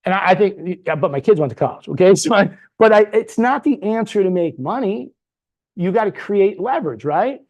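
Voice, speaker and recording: A middle-aged man with a notably high voice leads a motivational training session for a sales team. He talks in punchy bursts, firing rhetorical questions at the room and checking in with a quick "right?" after his points. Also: expressive. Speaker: business trainer.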